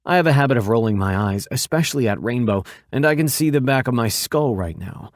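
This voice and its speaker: This audiobook narrator speaks at a medium pitch, telling the story in a steady, measured way. There's no echo, and the sound is studio-clean.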